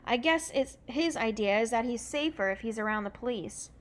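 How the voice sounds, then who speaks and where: A woman's voice: a little high, lively intonation, moderate pace, close to an everyday voice. A woman reading aloud and voicing a smug, boastful boy who talks on in a chatty way.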